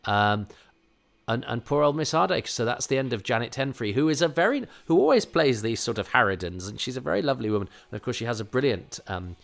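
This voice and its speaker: A man's voice: on the low side, gravelly, a bit bright. A man with an English RP accent giving chatty, digressive watch-along commentary as a podcast host, often poking fun at himself. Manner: chatty, digressive, self-mocking.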